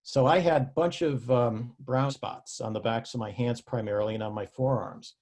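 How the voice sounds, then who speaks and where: A man hosts a casual interview over a video call and asks follow-up questions in a measured way. His voice sits at an ordinary middle pitch. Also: darkish tone. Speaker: host.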